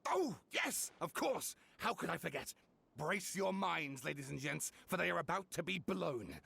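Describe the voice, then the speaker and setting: Showy, excitable writer, high voice swooping all over for game dialogue. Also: male voice, normal speed, vocal fry, slight background noise, heavily acted. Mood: dramatic. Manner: theatrical, excitable, dramatic build-ups. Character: eager male scholar-writer, theatrical and chatty.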